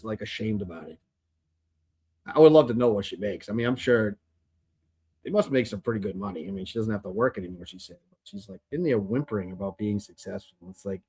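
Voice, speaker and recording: A man's voice: lowish voice, darkish tone, slightly rough. A man hosting a podcast, ranting in a casual, rambling monologue with plenty of profanity and restarts. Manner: blunt, profane and rambling, with many fillers and restarts. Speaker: podcast host.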